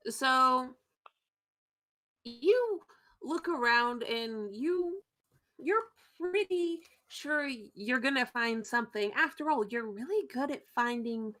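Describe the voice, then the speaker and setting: A woman's voice: sits high, lively intonation, slow, a bit bright. A woman narrating a tabletop game as game master, loose and chatty with frequent fillers.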